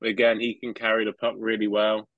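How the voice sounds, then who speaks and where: Low, flat-voiced man. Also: a little fast, no room sound, phone-quality sound. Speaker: podcast co-host. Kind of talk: casual sports chat.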